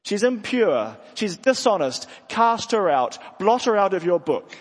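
A man's voice: sits high, big pitch swings, unhurried, breathy edge, full character voice. A man voicing the devil as an accusing, demanding figure in a sermon. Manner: insistent, accusing. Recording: long hall reverb.

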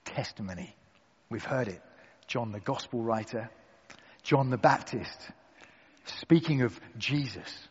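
A man preaching a sermon to a gathered room, deliberate and emphatic with dramatic pauses. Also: mid-range voice, breathy edge, long reverb tail, highs cut off. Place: church hall with an audience.

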